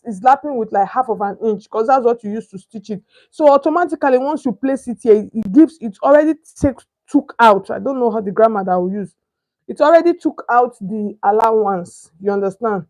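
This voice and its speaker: A woman's voice: on the high side, darkish tone. A young Nigerian woman demonstrating pattern cutting step by step, chatty, often stopping to ask if viewers can see and searching for the right word. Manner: chatty, keeps asking "can you see?", searches for words. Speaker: sewing instructor. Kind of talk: step-by-step tutorial.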